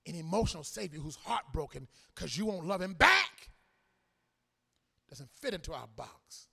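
A man preaching a sermon, swinging between shouted, sing-song emphasis and quiet, conversational asides. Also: fairly high pitch, sing-song, moderate pace, gravelly, breathy edge.

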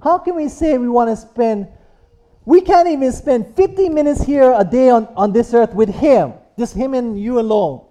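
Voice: mid-range voice, expressive, normal speed, mellow. A preacher delivering a sermon, repeating points and asking the congregation for amens. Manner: repetitive, rhetorical, calls for amens.

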